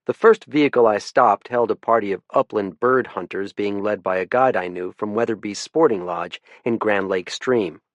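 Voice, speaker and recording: A man's voice: on the low side, no room sound. A man narrating a first-person mystery audiobook in a dry, understated manner.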